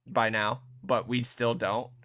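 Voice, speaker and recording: A man's voice: mid-range voice, flat delivery, slow pace, fairly bright tone, no room sound, clean studio sound. A young man co-hosting a podcast, teasing and blunt, laughing often in casual chat. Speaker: podcast co-host.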